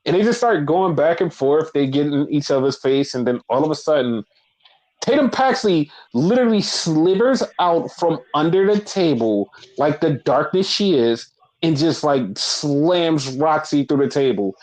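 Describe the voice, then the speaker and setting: On a wrestling podcast, this co-host tells the week's happenings through loose, profane storytelling full of fillers. He speaks in an animated, somewhat high, slightly mellow voice at an unhurried pace, captured on a rough recording.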